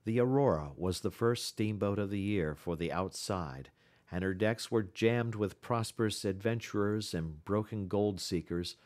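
Male audiobook reader, measured storytelling, lowish voice. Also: a little mellow. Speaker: audiobook narrator. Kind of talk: scripted audiobook narration.

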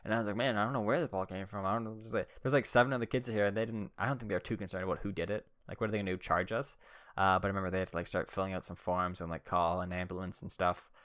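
A young man hosts a podcast, casually telling rambling stories packed with "like" fillers. His low voice barely moves in pitch, he talks at a racing speed, and the tone is fairly bright on a dry recording.

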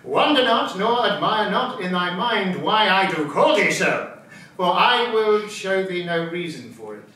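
Brief: rowdy scheming stage knight, slow and bright, distant roomy barn sound. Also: male voice, high voice, animated, exaggerated voice. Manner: boisterous, laughing, theatrical stage delivery. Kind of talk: live stage acting. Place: large old timber barn. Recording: echoey barn, voice from far off.

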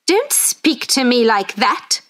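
A woman's voice: on the high side, big pitch swings, takes it slowly, fairly bright tone, full character voice. A woman voicing a harsh, strict headmistress in a storybook reading, scolding and commanding.

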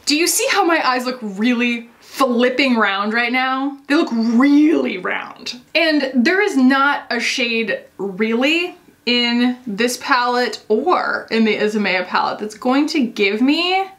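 A chatty woman whose voice sits a little on the high side, talking through a casual makeup tutorial. She rambles and fills her sentences with "like" as she works, and she explains each step while she applies her makeup. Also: animated, slow pace, a bit bright. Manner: chatty, rambling, many "like" fillers. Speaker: beauty vlogger.

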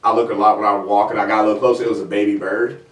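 A man's voice: lowish voice, rapid-fire. A man hosting a comedy talk show, telling stories casually and acting out the voices of the people in them. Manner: animated, acts out the voices in his stories, laughs. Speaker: comedian host. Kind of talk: casual storytelling chat. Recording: roomy sound from a distant mic.

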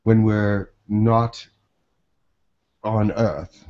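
A man speaks as a gentle telepath from the space colonies during a channeling webinar. He talks very slowly and reassuringly, restarting his phrases often. The sound is dull and lo-fi. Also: lowish voice, fairly even intonation. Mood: calm. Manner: slow, hesitant, soothing, with many restarts.

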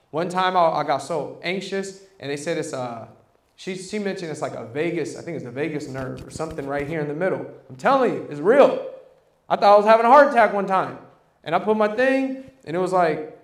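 A man's voice: high-pitched, moderate pace, reverberant. A man preaching a sermon as pastor, calling out questions to the congregation and waiting for them to answer.

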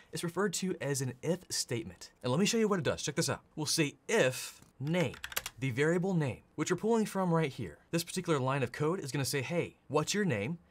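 A man in his thirties teaching programming in an energetic, playful way, often laughing and shouting out example lines. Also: on the high side. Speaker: programming instructor. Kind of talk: energetic tutorial narration.

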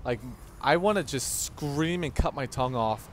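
Young male gaming host, jokey fake-tutorial commentary, lively swooping pitch, outbursts and swearing, light background hiss. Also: normal speed. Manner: excitable, swearing, mock-instructional. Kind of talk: casual gameplay commentary.

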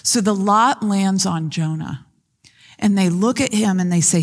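A woman pastor giving a sermon, retelling scripture in a lively storytelling manner. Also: mid-range voice, unhurried, in a large hall. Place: church sanctuary.

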